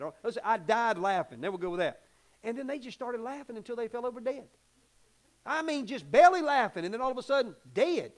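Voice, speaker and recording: Man, very high voice, lively folksy sermon. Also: quick pace. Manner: folksy, animated, acts out little scenes. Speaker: pastor.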